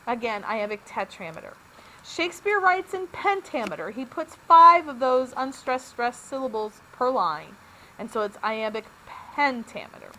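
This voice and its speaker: A woman's voice: sits high, sing-song, moderate pace, bright, forceful tone, a little hiss or hum, low-quality recording. A woman teacher giving a recorded lesson, upbeat and explaining each step plainly.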